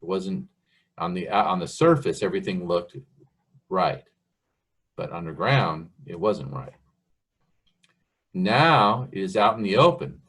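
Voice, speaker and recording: Slow, husky-voiced male preacher. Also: deep voice, expressive, a bit bright. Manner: slow, earnest, asks the listener questions. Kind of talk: sermon, Bible teaching.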